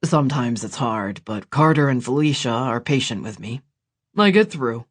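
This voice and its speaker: Guy doing gideon, ex-soldier big brother, quiet earnest audiobook voice, middle pitch. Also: expressive, moderate pace, natural voice. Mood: reflective. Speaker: audiobook character voice.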